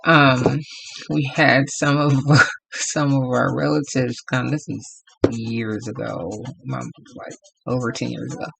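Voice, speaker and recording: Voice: mid-range voice, level tone, slow, creaky, fairly bright tone, breathy edge, poor audio. A tarot reader from Los Angeles giving a casual, rambling reading to viewers and laughing often.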